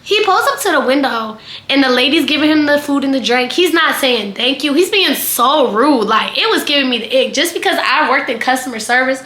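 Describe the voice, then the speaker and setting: A young woman spins a casual storytime in a high, bright voice. She talks in a chatty, animated way, dropping fillers and swear words. The sound rings a little in an echoey room. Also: fairly quick. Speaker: vlogger.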